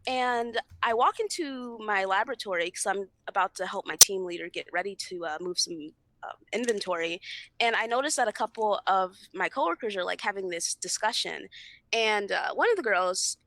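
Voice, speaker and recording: A woman's voice: medium pitch, animated, moderate pace, a bit bright, no room sound. A young adult woman co-hosting a podcast, telling a story in casual chat, candid and loose with fillers and frequent laughter. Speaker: podcast co-host.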